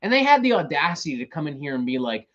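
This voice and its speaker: Man, host, profane exasperated rant, animated pitch, muffled recording. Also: fast talker. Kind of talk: ranting casual talk.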